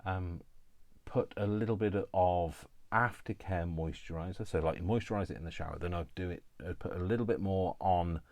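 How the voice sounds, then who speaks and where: A man's voice: low-pitched, normal speed, a little mellow, no echo. A man chatting casually while he crafts at home, rambling and self-deprecating and laughing often. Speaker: crafting YouTuber.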